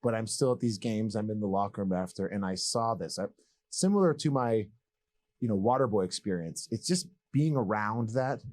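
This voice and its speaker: Here the ex-pro basketball player, a Massachusetts man in his thirties, speaks on the low side at a moderate pace. Telling his story as a guest, he stays animated and candid, rambling and joking casually.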